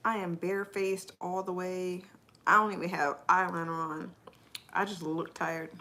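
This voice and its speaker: A woman's voice: lowish voice, level tone, a little slow, pushed and bright. Chatty woman live streaming to viewers. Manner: chatty, rambling, answers chat comments.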